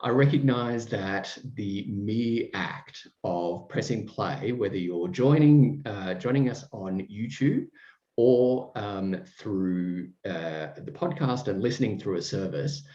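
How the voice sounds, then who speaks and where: A man's voice: fairly low pitch, takes it slowly, mellow. Man, podcast host, effusive, rambling, dull roomy recording. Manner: effusive, rambling with fillers and restarts. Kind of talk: casual chat with a guest.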